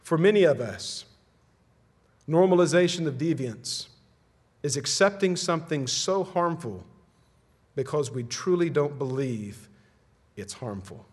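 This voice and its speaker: A man from the Ozark region, a pastor preaching a sermon with measured phrases that fall to a hush at their ends. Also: a little high, animated, husky. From Ozark region, USA.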